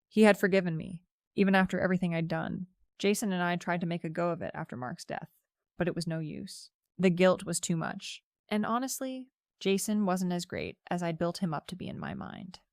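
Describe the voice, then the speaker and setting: A woman narrating a scripted first-person story in a steady, reflective way. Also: on the low side, no echo, studio quality.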